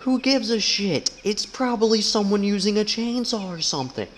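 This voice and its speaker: A man voicing a grumpy, sleepy young male camper in a video game, shrill and dismissive, with swearing. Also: animated, moderate pace, a little hiss or hum.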